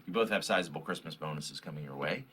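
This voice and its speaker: A man's voice: a bass voice, background noise. An actor playing a bossy male office manager who lays down strict rules for his staff, in a clip from a TV comedy. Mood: stern. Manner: brisk, stern warning.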